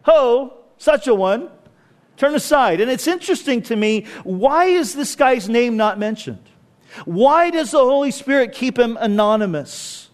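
High-voiced male pastor preaching casually. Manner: conversational, with casual asides. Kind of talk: sermon.

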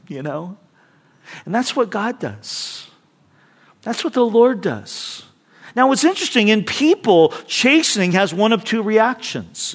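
Earnest preaching man, slightly high voice. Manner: earnest, rising to emphatic, quoting scripture aloud. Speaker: pastor. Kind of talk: sermon.

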